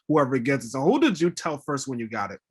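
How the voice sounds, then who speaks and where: A man's voice: medium pitch, very animated, quick pace, husky. A man interviewing an actor, asking questions with many fillers and laughing along.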